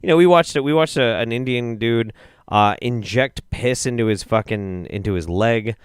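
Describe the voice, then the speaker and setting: A young man hosting a comedic video roundup, reacting with profane, exasperated commentary that swings between low mutters and loud outbursts. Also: moderate pace, clear, resonant tone, no room sound, clean studio sound. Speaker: show host.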